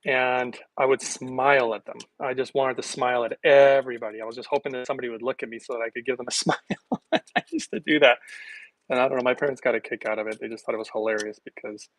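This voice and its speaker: A man's voice: medium pitch, steady tone, quick pace, poor audio. Rambling middle-aged man chatting to viewers. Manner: rambling, chuckles often, self-deprecating. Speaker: vlogger. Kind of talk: casual chat to viewers.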